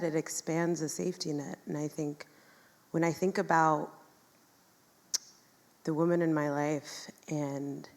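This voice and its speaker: A woman in a stage talk, speaking reflectively and softly to an audience. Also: low voice, long reverb tail. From United States.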